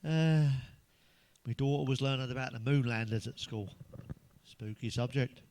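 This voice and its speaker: An English man doing a stand-up routine of crude, blunt one-liners, full of swearing, who pitches up when he quotes other people. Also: moderate pace, a little mellow, dry recording. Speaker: stand-up comedian.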